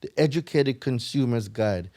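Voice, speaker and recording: A man's voice: mid-range voice, moderate pace, mellow. A man with a Jamaican accent, a guest on a casual podcast, explaining credit repair in an emphatic, lecturing way and swearing freely.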